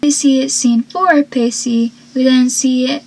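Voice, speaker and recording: A woman's voice: high-pitched, fairly even intonation, takes it slowly, a little mellow, slightly rough, rough recording. A young woman casually recapping a TV episode, chatty and rambling, often correcting herself mid-sentence.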